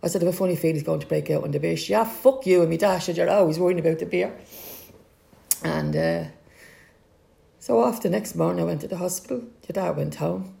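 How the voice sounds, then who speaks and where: A woman's voice: on the low side, a little fast, vocal fry, dark tone. A middle-aged Irish woman telling a personal family story, acting out the voices of the people in it.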